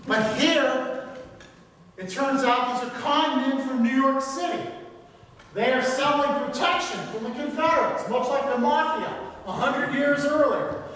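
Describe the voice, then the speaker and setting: Recorded at a distance in a reverberant hall with faint background ambience, a man delivers a local history talk in a chatty way full of fillers. His very high-pitched voice moves at normal speed, fairly bright, with slight hiss or hum.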